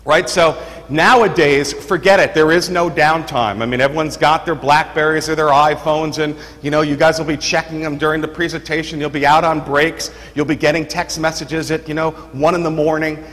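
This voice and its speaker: Energetic New York man presenting a seminar. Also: a little high, moderate pace, big-room sound. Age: 40s. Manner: energetic, chatty, lots of "you know" and "right". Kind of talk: live seminar talk. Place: seminar room.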